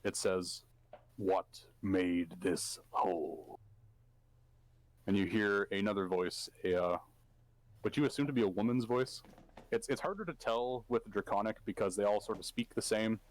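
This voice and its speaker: Low-voiced man running a tabletop game. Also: normal speed. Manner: hesitant, full of fillers. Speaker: game master.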